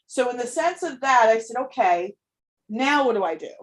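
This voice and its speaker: A woman's voice: fairly high pitch, lively intonation, normal speed. Candid, emotional woman on a livestream. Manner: candid and emotional, swears freely, frequent "right?". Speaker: parenting coach hosting a live Q&A. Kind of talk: casual live-stream talk.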